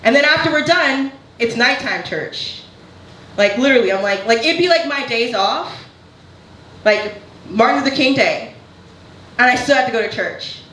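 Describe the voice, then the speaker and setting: A woman's voice: on the high side, animated, normal speed, a bit bright. A woman doing a stand-up comedy set in a casual, candid way, often laughing through her lines. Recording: echoey room with background noise.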